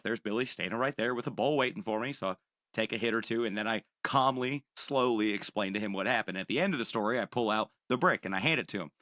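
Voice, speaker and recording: A young man on a podcast telling a profane, animated story and acting out the people in it. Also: fairly low pitch, dry recording, clean studio sound. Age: young adult. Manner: animated, profane, acts out quoted voices. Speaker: podcast co-host. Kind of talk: casual storytelling.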